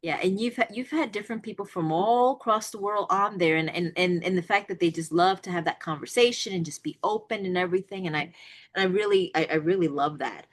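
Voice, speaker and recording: A woman's voice: on the low side, fairly quick. A woman hosting a podcast interview, asking long questions with many stammered restarts. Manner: stammering restarts, warm encouraging asides. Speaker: podcast host.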